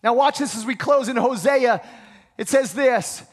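A man preaching a sermon as pastor, emphatic and repetitive, sometimes dropping to a hushed prayerful voice. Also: extremely high pitch, measured pace.

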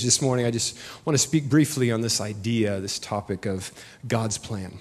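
A man's voice: lowish voice, moderate pace, darkish tone. A man in his thirties preaching a sermon, telling a personal story in a casual way with joking asides. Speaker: pastor.

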